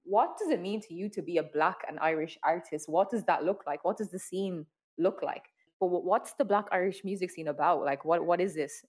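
A woman's voice: fairly low pitch, brisk. A woman hosting a podcast, speaking reflectively and asking questions. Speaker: podcast host. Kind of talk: podcast discussion.

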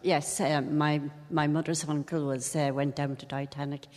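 A woman's voice: low voice, flat delivery, moderate pace, darkish tone. Older woman, shy plain talk, reverberant space. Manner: plain, hesitant answers. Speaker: guest in the crowd.

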